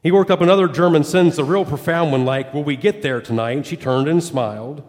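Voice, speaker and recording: A man's voice: on the high side, quick pace, a little mellow, big-room sound. A pastor telling a story in a sermon, voicing quoted dialogue as he goes. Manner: retells a story with quoted dialogue, rising and falling with it.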